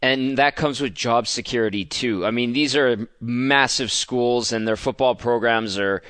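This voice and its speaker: A man's voice: medium pitch, unhurried, a bit bright, clean tone, no echo. Dry-sounding man telling a sports story. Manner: conversational storyteller, hesitant fillers. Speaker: sports radio co-host. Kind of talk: casual storytelling on sports radio.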